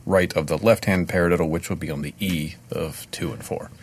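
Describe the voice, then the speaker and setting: A man's voice: low voice, fairly even intonation, brisk, slightly rough. A middle-aged man co-hosting a podcast, laughing easily and explaining drum patterns step by step. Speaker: podcast co-host. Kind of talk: casual chat.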